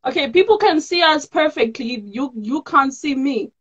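A high-pitched woman from South Africa hosts a chat show over a video call. She laughs readily and gushes, repeating words as she goes. The audio is dull and muffled. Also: animated, normal speed, a bit bright. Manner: laughs often, effusive and repetitive. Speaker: host.

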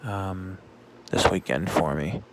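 A man talking casually in a vlog, halting often with fillers and restarts. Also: low voice, very noisy. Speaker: vlogger.

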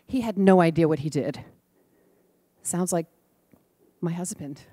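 Woman preacher, warm storytelling sermon, affectionate, dry close sound. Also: lowish voice, measured pace, dry recording. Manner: gentle, affectionate, lively when quoting children. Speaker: speaker in a preaching class. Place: church or center hall.

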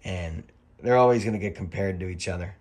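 A middle-aged ex-referee narrates old wrestling footage in a slightly low, darkish voice, loose and chatty. He drifts between stories, swears casually, and is quick to get worked up.

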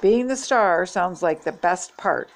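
A woman's voice: fairly low pitch, animated, a little slow. An older woman voicing a boastful boy ghost in a children's storybook, with a cocky manner.

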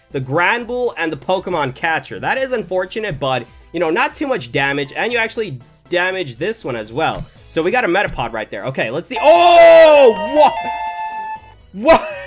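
Excitable male vlogger, slangy unboxing chatter, lively pitch, voice cracks when hyped. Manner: hyped, slangy, shouts and laughs in bursts. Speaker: YouTuber opening card packs.

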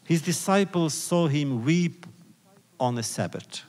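A man giving a public lecture, retelling old rabbinic stories in a slow, deliberate, reflective way. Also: on the high side, expressive, a little mellow. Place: lecture hall. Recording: long hall reverb.

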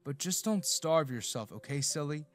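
A man voicing a commanding, sarcastic young bodyguard who turns gentle. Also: on the high side, lively intonation, moderate pace, natural voice. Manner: curt and sarcastic, turning soft.

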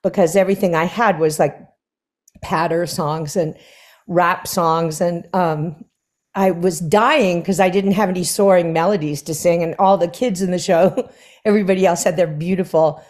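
A woman's voice: on the low side, moderate pace. A woman singer, a guest in an onstage conversation, telling anecdotes and acting out the quoted dialogue with bursts of laughter. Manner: animated storyteller who acts out quoted dialogue with laughs. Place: stage conversation before an audience.

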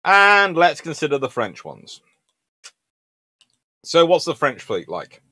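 A man's voice: a little high, slow, no room sound. A man hosting a casual history livestream, reading out lists of ships and chatting with viewers. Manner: lively and chatty, reading names in a sing-song list. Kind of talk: casual lecture reading ship lists and answering chat.

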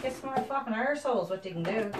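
A woman's voice: a little high, lively intonation, fast talker, very noisy. A young woman from Newfoundland with a thick Newfoundland accent, chatting casually to camera as a mother. She rambles through stories, swears freely and breaks into laughter often. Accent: Newfoundland English. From Newfoundland, Canada. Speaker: vlogger, mother. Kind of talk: casual chatty vlog monologue.

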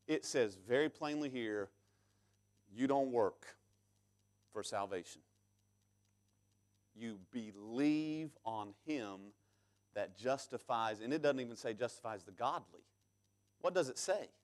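A man preaching a sermon in church, reading scripture aloud and swinging between loud emphatic peaks and sudden hushed drops. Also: medium pitch, lively intonation, slow pace, long pauses. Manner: reads scripture aloud in King James English. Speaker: pastor.

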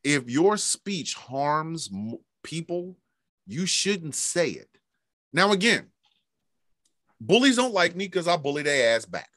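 Animated, profane male podcast host. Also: fairly high pitch, slow, no room sound, studio quality. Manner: profane, emphatic, animated storytelling. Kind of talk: casual podcast chat.

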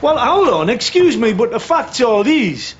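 An actor playing a blunt, boastful working-class builder with a Geordie accent, in a television drama. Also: male voice, very high-pitched, sing-song, a little slow, lo-fi sound, slight background noise, full character voice.

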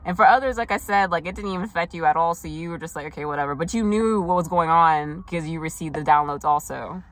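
A woman's voice: lowish voice, slight background noise. Chatty woman giving a casual tarot reading. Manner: chatty, filler-heavy, quick asides and mock quotes. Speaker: tarot reader.

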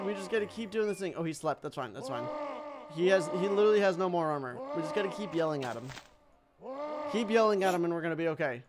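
A man giving casual let's-play commentary as a streamer, excitable and crying out loudly at the game. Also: high voice, fast talker, noisy background. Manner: excitable, yelps and cries out at the game. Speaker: gaming streamer. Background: game music.

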